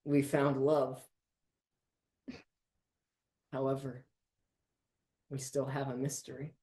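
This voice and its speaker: A podcaster doing solemn, hushed young sleuths. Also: monotone, slow, lightly acted. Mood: grave. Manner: low, grave, hushed delivery. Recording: roomy echo.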